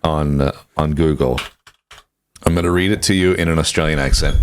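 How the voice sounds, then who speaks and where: Deep-voiced laid-back man. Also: steady tone, brisk, clear, resonant tone. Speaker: podcast co-host. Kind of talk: casual chat.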